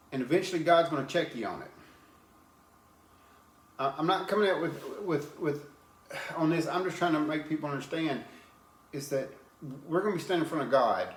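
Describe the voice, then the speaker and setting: A man's voice: fairly high pitch, reverberant. A man preaching an informal sermon, plain-spoken and earnest, often repeating and restarting his words as he reads scripture.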